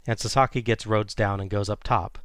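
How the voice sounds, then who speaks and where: A man co-hosting a podcast, retelling a wrestling match play by play in a steady, casual way. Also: on the low side, fairly quick, no room sound, studio quality. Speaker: podcast co-host recapping wrestling. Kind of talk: casual recap narration.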